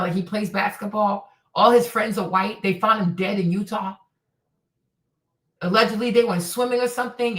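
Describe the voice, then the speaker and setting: A woman hosting her own stream, telling stories and ranting bluntly in casual, profane, animated commentary. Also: medium pitch, distant mic. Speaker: streamer host. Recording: echoey room, voice a bit off-mic.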